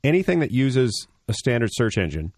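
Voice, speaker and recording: A man's voice: medium pitch, very animated, moderate pace, darkish tone, no echo, studio quality. A man co-hosting a radio tech show, explaining things at length in a blunt, joking way. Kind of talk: casual radio tech talk.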